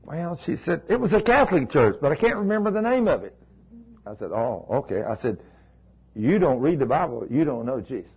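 A man's voice: fairly high pitch, big pitch swings, fairly quick, slightly rough. A man preaching, telling a story in a folksy, colloquial way. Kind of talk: storytelling sermon. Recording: dull lo-fi recording.

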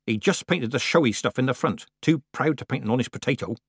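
A man voicing a stern, proud old witch woman with a sharp, commanding, disapproving manner. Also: medium pitch, lively intonation, quick pace, breathy edge, no echo, clean studio sound, pitched above the performer's own voice.

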